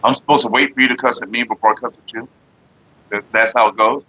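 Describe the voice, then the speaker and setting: A man's voice: mid-range voice, fairly even intonation, quick pace, bright, forceful tone, slightly rough, lo-fi sound. A man vlogging casually, rambling in profane, mock-exasperated rants. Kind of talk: casual smoking-session vlog.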